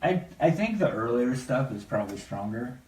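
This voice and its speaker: A man's voice: mid-range voice, big pitch swings, normal speed, very noisy. Eager rambling man, distant roomy mic. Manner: eager, rambling, laughs often. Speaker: podcast co-host. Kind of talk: casual chat about comics.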